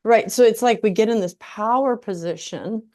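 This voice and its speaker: A woman's voice: fairly high pitch, moderate pace, dark tone. A woman hosting a casual interview, chatty and affirming as she responds to her guest. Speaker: podcast host.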